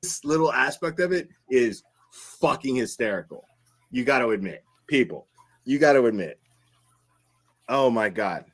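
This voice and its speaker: A man's voice: medium pitch, expressive, moderate pace. A man streaming live, mocking and swearing as he goes over comments. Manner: mocking and profane.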